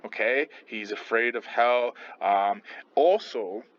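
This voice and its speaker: A man's voice: medium pitch, slow. A man teaching a literature lesson in a casual, chatty way. He often checks in with his listeners by asking "okay?" and "right?". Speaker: English teacher. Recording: slightly muffled with faint noise.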